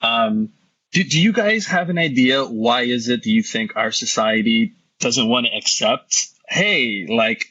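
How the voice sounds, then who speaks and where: A man's voice: mid-range voice, a little slow, pushed and bright, husky. A man moderating a panel in a casual, affirming way, agreeing with the speakers and passing questions on to others. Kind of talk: candid panel discussion. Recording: dull lo-fi audio.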